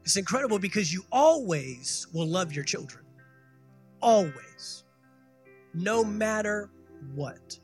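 A pastor preaching a sermon, building to loud emphatic peaks and calling for the congregation to respond. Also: male voice, high-pitched, lively intonation, normal speed, faint music behind. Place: church sanctuary.

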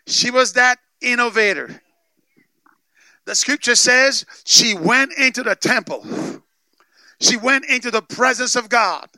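A man preaching a sermon with emphatic call-and-response, often shouting for emphasis. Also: very high-pitched, measured pace, dry recording. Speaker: pastor.

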